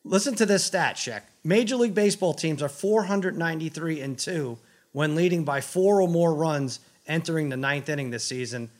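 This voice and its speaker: Animated, higher-voiced ranting male host. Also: normal speed. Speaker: sports talk show host. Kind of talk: casual sports talk banter.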